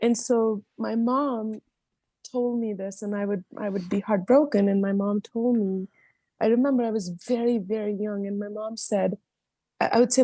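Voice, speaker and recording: A woman's voice: mid-range voice, steady tone, moderate pace, mellow, dry recording. A woman sharing an emotional personal story at an online book reading, heartfelt and candid. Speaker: book club participant.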